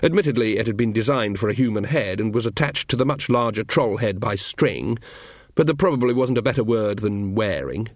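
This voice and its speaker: A man's voice: fairly low pitch, expressive, a little fast, no echo. Man narrating in a dry comic tone. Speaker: audiobook narrator. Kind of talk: scripted narration.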